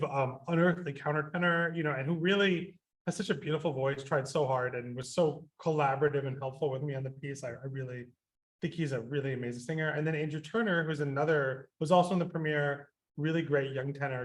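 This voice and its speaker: Speaking a little fast at a medium pitch, a composer on the radio meanders through his answers with many fillers and restarts, becoming animated as he quotes himself.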